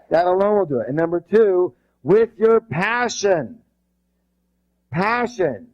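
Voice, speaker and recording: A punchy man on stage, his voice sitting slightly high as he fires off "yes or yes?" and makes the room repeat after him. He gets emphatic and loud when he talks about passion. The recording is dull and lo-fi. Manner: energetic, drills the audience with rhetorical questions. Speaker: motivational seminar speaker. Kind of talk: live seminar talk with call-and-response.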